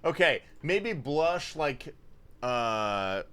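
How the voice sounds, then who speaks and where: Man, livestreamer, lively pitch, unhurried pace, thinks aloud and swears. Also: clean tone. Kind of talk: casual livestream chat while playing a word puzzle.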